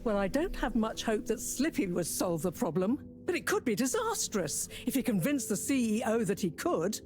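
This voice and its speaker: A woman's voice: fairly high pitch, sing-song, moderate pace, darkish tone, slight background noise. An actress playing a formal, analytical female professor in a video game, speaking in long, wordy phrases. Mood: measured.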